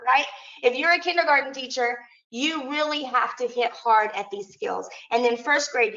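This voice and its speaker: A woman's voice: on the high side, a bit bright. A woman presenting a teacher training lesson, modeling classroom prompts in an upbeat way. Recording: echoey room, dull lo-fi audio.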